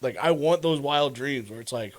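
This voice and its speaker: A man co-hosting a podcast in casual chat, recounting a story with animated delivery, frequent laughs and fillers. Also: mid-range voice, moderate pace, crowd noise. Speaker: podcast co-host.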